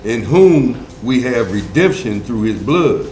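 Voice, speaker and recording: Scripture reader, man, mid pitch, measured, roomy echo, faint noise. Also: very animated, darkish tone. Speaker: Bible study participant reading scripture. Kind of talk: reading scripture aloud. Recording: echoey room, faint noise.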